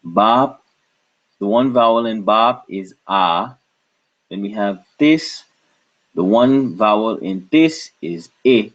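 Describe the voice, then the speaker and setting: A man teaching a language lesson, patiently breaking words into syllables and repeating them. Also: on the low side. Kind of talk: slow step-by-step lesson. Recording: dull lo-fi recording.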